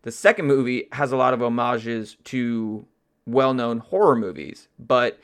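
A man's voice: medium pitch, measured pace, fairly bright tone, clean tone. A man co-hosting a podcast, blunt and swearing freely in casual chat. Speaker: podcast co-host.

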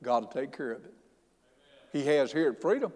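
A man's voice: medium pitch, expressive, normal speed, a little mellow, big-room sound. A man preaching a sermon as pastor, folksy and emphatic, often starting with "hey" and restarting lines.

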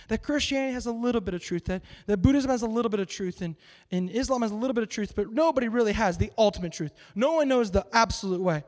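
High-voiced man preaching in an echoey hall. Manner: conversational, joking, many rhetorical questions. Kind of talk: casual sermon. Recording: long reverb in a large hall.

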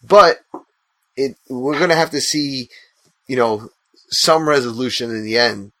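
A man's voice: medium pitch, unhurried, sharp tone. A man co-hosting a casual fan podcast, joking wryly as he trades theories. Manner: joking, wry. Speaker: podcast co-host.

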